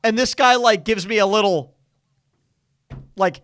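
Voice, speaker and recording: A young man co-hosting a podcast, telling a travel story in a casual, animated way and acting out what others said. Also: high-pitched, moderate pace, long pauses. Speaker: podcast co-host.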